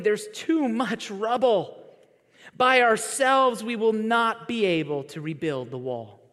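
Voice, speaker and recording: Pastor guy in his 30s preaching, fairly high voice, chatty and animated, acts out little quotes, big hall echo. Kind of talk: sermon. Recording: long reverb of a large hall.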